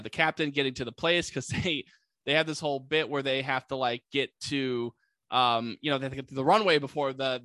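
A man casually recapping a movie plot, animated and full of "like" fillers, jumping into quick voices for the characters. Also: medium pitch, no room sound. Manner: many "like" fillers.

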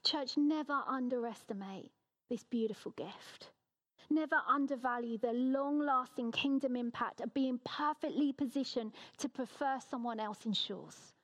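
Woman preacher, slightly high voice, earnest and emphatic, measured sermon delivery.

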